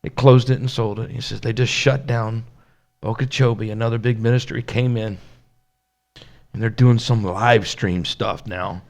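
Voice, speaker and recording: A man's voice: fairly low pitch, steady tone, moderate pace, vocal fry, darkish tone. A man, a pastor, telling a personal story in a conversational sermon, acting out the dialogue and laughing now and then. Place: church.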